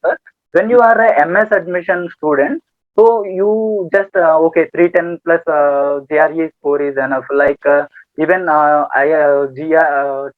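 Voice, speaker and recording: A man's voice: on the high side, dry recording. A young man answering interview questions hesitantly, with many fillers and a polite "sir". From India. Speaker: student guest. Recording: tinny phone-like call audio.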